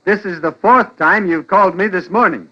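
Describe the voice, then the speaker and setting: Cold-blooded husband. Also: male voice, sits high, moderate pace, bright, forceful tone, soft background music. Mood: exasperated. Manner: tense, curt, coldly resolute. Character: harried husband turned cold killer. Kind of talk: 1940s radio acting. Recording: lo-fi old radio broadcast.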